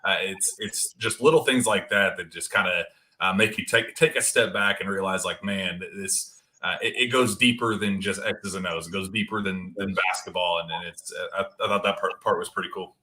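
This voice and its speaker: A man's voice: sits low, normal speed, pushed and bright. A man co-hosting a sports podcast, chatting casually and reflectively, often trailing off. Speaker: podcast co-host.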